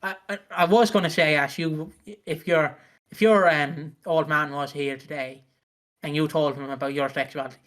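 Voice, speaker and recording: A man's voice: on the high side, steady tone, normal speed, fairly bright tone. A man co-hosting a podcast, chatting casually, laughing often and swearing freely. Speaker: podcast co-host.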